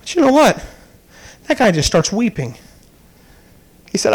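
Man, 30s, evangelist preacher, very high voice, storytelling sermon. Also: very animated, moderate pace, pauses often, rough recording. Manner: storytelling, rising to fervent preaching. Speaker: traveling evangelist.

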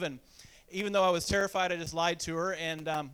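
A man's voice: a little high, steady tone, fairly quick, a bit bright, clean tone. A man from Indiana preaching a sermon, telling a self-deprecating childhood story and acting out the voices of the people in it. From Indiana, USA. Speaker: pastor.

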